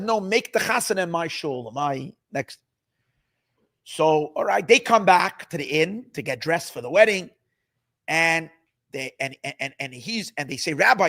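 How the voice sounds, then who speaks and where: A man, a rabbi, telling Hasidic stories in a lively teaching style, acting out the dialogue with many repeated words. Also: a little high, gravelly. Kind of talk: storytelling class.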